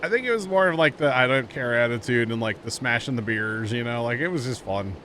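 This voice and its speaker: A man in his thirties chats on a game stream, piling fillers into loose, animated stories. His voice sits at an ordinary pitch. Steady noise runs under the recording. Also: fairly quick. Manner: rambling, animated storytelling with many fillers. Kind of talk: casual chat while streaming a game. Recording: background noise.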